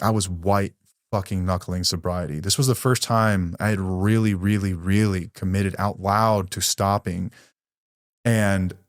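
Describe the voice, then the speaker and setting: A man in his thirties hosting a recovery podcast, telling a personal story in a candid, conversational way with fillers, self-corrections and some swearing. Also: low-pitched. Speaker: podcast host.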